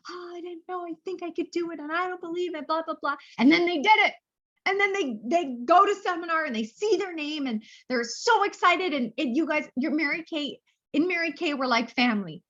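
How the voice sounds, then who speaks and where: A woman's voice: on the high side, fairly bright tone, dull audio. A woman giving a bubbly, gushing motivational pep talk, repeating phrases for emphasis.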